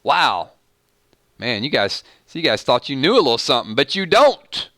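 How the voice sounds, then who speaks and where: A man's voice: mid-range voice, very animated, normal speed, pushed and bright, no echo. A man with a Southern US accent hosting a live stream, chatting casually and joking as he reads viewer comments aloud.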